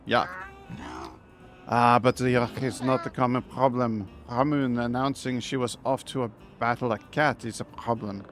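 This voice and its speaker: Mock-French accent, fussy big-brother bird, soft effeminate delivery, mid-range, a man putting it on. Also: medium pitch, fairly even intonation, normal speed, soft background music, natural voice.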